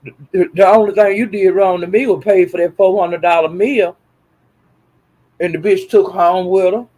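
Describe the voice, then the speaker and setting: High-pitched profane man ranting casually. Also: normal speed. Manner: animated, profane, repeats phrases for emphasis. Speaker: online commentator. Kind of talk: casual livestream commentary.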